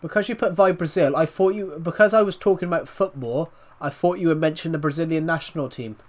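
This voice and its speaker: A British man streaming live and chatting with viewers, talking calmly with frequent restarts, his voice thick from being slightly ill. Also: fairly high pitch, quick pace. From United Kingdom. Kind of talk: casual live stream chat.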